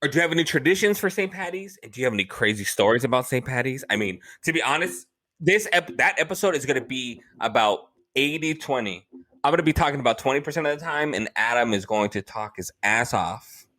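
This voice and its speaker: A man's voice: medium pitch, animated, fast talker, sharp tone. A man co-hosting a comedy podcast, teasing and delivering one-liners in casual chat. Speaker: podcast co-host.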